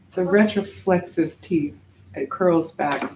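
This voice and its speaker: Slow, patient woman meditation teacher chanting mantra syllables in an echoey room. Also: fairly low pitch, darkish tone, slight background noise. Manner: patient, demonstrates sounds, chants syllables slowly.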